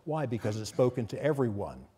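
A man's voice: medium pitch, very animated, a little fast, dark tone, husky. A man preaching a Bible teaching sermon in a conversational way, often asking his listeners questions. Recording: long hall reverb.

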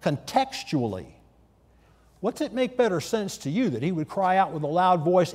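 A man gives a Bible teaching sermon, talking with his listeners rather than at them and checking in with quick questions. His voice sits a little high for a man. The sound rings on in a large reverberant hall. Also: animated, darkish tone. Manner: conversational, asks the listeners questions. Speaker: preacher.

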